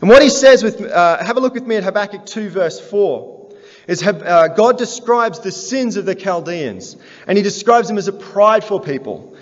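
In a church hall, a man preaches with a high-pitched, animated voice at normal speed, posing sincere questions to the congregation and growing more forceful. The church acoustics come through dull and roomy.

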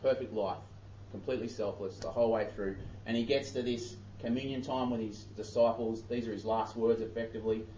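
Preacher, echoey and distant. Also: male voice, fairly low pitch, fairly even intonation, a little fast, mellow, a little hiss or hum. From Australia. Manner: conversational, self-interrupting preaching with Bible reading. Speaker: pastor. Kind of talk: sermon. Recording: echoey, distant, dull church audio.

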